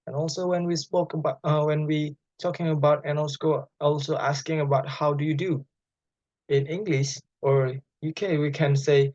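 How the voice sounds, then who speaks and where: Young man presenting, halting. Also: on the high side, fairly even intonation, darkish tone, no echo. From Bali, Indonesia. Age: young adult. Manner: halting, many fillers, plain explaining tone. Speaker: student presenter. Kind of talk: class presentation lecture. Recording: dry, dull lo-fi sound.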